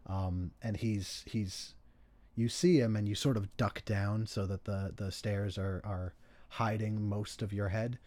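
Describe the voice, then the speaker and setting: A man narrating a tabletop game as game master, with many pauses and restarts. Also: lowish voice, fairly even intonation, a little mellow, no echo. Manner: hesitant, many ums and restarts.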